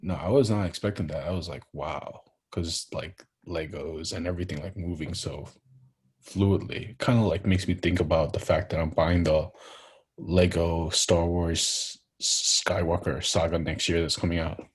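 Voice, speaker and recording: A man chatting casually, talking low and murmuring into a laptop microphone, with lots of fillers. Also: steady tone, normal speed, husky. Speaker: co-host. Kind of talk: casual chat.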